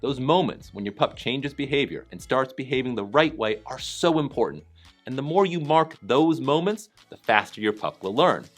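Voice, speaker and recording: Man narrating a calm training lesson. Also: mid-range voice, normal speed, faint music behind. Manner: calm, instructive and encouraging. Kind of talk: scripted voice-over narration.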